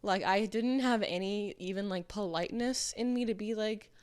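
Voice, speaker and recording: A young adult woman from Arizona hosts a solo podcast, telling candid stories in a chatty way, leaning heavily on "like" and acting out what people said. Her mid-range voice is a little mellow and clean, at a moderate pace with no echo.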